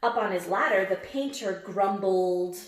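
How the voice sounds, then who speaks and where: A woman teacher reads a picture book aloud as a phonics lesson, emphatically repeating words and quizzing her listeners on word endings. Her medium-pitched voice keeps a measured pace in an echoey room.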